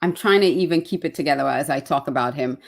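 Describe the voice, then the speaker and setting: Lady host, slightly low voice, gushing, trips over her words a lot, lots of ums. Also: fast, creaky. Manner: effusive, fumbling over words, many fillers. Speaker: show host. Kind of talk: live online interview show.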